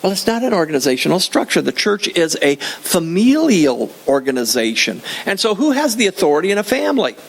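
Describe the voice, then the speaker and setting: A man's voice: high voice, sing-song, a little fast, gravelly, few pauses. An older man preaching a sermon in a church, conversational and joking, often repeating his phrases. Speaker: pastor.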